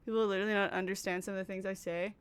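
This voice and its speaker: A young woman with a Canadian accent livestreams while doing her makeup, chatting casually and reading and answering her chat. Her medium-pitched voice is clean in tone with little pitch movement, and she talks at a racing pace.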